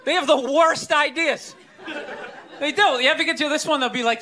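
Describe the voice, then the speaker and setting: A man's voice: very high voice, normal speed, crowd noise. A young man doing a stand-up comedy routine on a club stage, talking casually and profanely and throwing rhetorical questions at the audience. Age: young adult.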